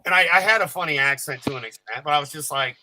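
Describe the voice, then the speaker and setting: Man, rambling profane storyteller, brightly forceful voice, somewhat high. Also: fast talker, no room sound, poor audio. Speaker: podcast panel guest. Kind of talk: casual storytelling chat.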